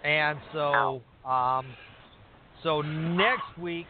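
A man in casual chat, rambling and restarting his sentences as he recaps matches. His voice sits a little high for a man. It comes through a tinny phone line with a faint hiss behind it. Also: steady tone, slow pace. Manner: rambling, many restarts and fillers. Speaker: podcast co-host recapping wrestling.

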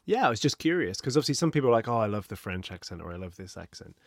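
A man with a fairly low voice who talks briskly. As interviewer, he throws out friendly questions and keeps the chat moving with quick affirmations. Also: sing-song.

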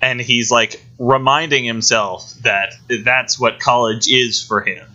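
Bright-voiced man rambling through a recap. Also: mid-range voice, steady tone, slow. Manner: rambling, detailed plot recapping. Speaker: podcast co-host. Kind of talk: casual chat. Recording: dull lo-fi recording.

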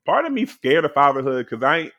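A young man talking loosely and candidly, sprinkling his speech with fillers and curses. His voice sits a little high for a man. The delivery is relaxed, unscripted podcast chat. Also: fast, highs cut off. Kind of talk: casual chat.

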